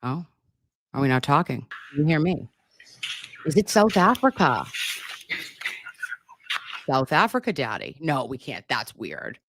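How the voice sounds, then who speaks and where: Animated, profane woman livestream host. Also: extremely low pitch, unhurried, long pauses, noisy background. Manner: animated, profane and playful, chatting to viewers. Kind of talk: casual livestream commentary. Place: home.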